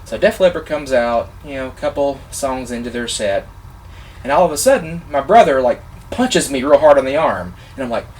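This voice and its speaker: A man vlogger telling a personal story in a casual, excitable, animated way, gushing like a fan. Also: medium pitch, normal speed, recorded from a distance, slight background noise.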